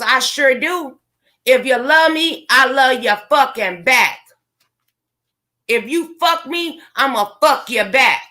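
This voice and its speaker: A woman's voice: high-pitched, lively intonation, unhurried, bright, forceful tone. A woman vlogger, delivering a profane, confrontational rant to her viewers. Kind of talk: angry rant to camera.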